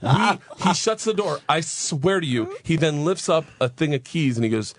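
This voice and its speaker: A man in his thirties, a comedian guest on a studio talk show, telling a wild story in a profane, excitable way. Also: on the high side, moderate pace. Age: 30s. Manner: profane, excitable, acts out voices. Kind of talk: animated storytelling on talk radio. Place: radio studio. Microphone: studio microphone.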